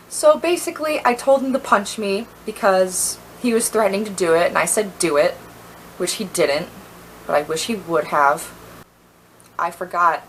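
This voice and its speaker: A woman's voice: mid-range voice, moderate pace, a little hiss or hum, low-quality recording. A young woman in a storytime vlog, ranting heatedly with lots of fillers and sounding a little tipsy.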